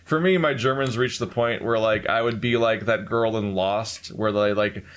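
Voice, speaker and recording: A man's voice: fairly low pitch, normal speed. Young man with a teasing, laughing manner. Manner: laughs often, teasing, animated storytelling. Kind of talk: casual chat.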